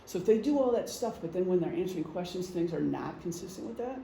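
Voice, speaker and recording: In a meeting room, a middle-aged man presents informally to a group, his high voice fast, expressive, gravelly and mellow. His talk is conversational, full of examples and frequent ums, captured with room echo and a faint hum in the background.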